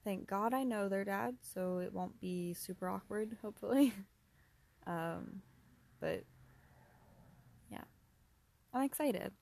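A young woman hosting a casual solo podcast, rambling softly, laughing often and sometimes dropping to a whisper. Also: mid-range voice, takes it slowly, vocal fry, long pauses. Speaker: podcast host.

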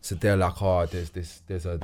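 Slangy London man, low voice. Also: normal speed. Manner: slangy, animated retelling. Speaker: guest actor. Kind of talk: casual storytelling chat.

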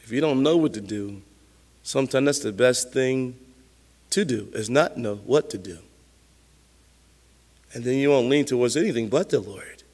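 A man's voice: mid-range voice, in a large hall. A male pastor giving a sermon, preaching emphatically in a conversational way and often repeating words as he explains.

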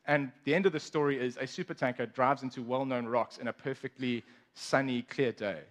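A man's voice: a little high, fairly bright tone. A man casually telling a story, chatty, with asides to his listeners.

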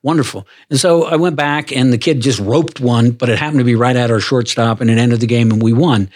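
Older man, easygoing storyteller, voice drops quiet for quoted lines. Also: mid-range voice, steady tone, fairly quick. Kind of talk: casual chat.

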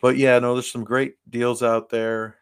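A man's voice: medium pitch, level tone, measured pace, smooth. A man co-hosting a casual podcast chat, rambling through stories with many fillers. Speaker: podcast co-host.

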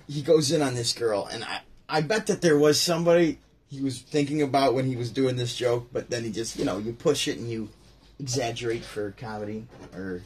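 Rambling man with a husky voice. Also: mid-range voice. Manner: rambling, lots of restarts and asides. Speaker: show host. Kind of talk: casual chat about comedy. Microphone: home setup near a window.

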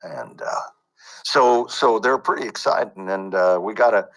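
A man's voice: lowish voice, measured pace, fairly bright tone, low-quality recording. A man who works as a voice actor and coach, talking casually in an interview with many fillers and restarts.

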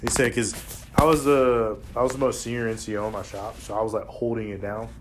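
A man's voice: on the low side, fairly quick, slight background noise. Profane man telling war stories. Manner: animated, profane, acts out quotes in a raised voice. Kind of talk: casual storytelling.

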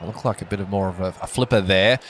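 A man doing playful, jokey cricket commentary, excitable and full of fillers. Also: sits low, quick pace, a little hiss or hum. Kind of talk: playful sports commentary banter.

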